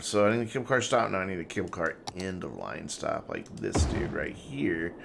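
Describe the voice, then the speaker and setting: A man's voice: deep voice, animated, moderate pace, creaky, hardly any pauses, fairly bright tone, a little hiss or hum. A man giving casual, chatty live-stream commentary while playing a game, talking to himself and to his chat. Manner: talking with mouth full.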